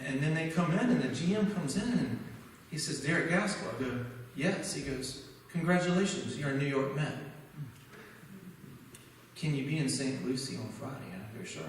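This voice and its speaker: A man giving a guest sermon in a church, telling a personal story and acting out the dialogue with animated energy. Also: on the high side, moderate pace, a little hiss or hum. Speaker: guest speaker. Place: church sanctuary. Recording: echoey church hall from far off.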